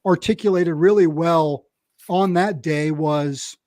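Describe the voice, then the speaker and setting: A man hosting a podcast, chatty and quick to laugh, who introduces his guest in long run-on sentences. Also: a little high, darkish tone, no room sound, clean studio sound. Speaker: podcast host. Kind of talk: casual podcast chat.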